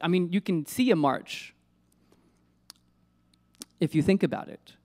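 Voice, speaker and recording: A man's voice: a little high, animated, a little slow, darkish tone. A man giving an informal lecture on poetry, musing aloud with restarts and questions to his audience in a lecture room. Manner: casual, musing, many restarts and asides to the audience.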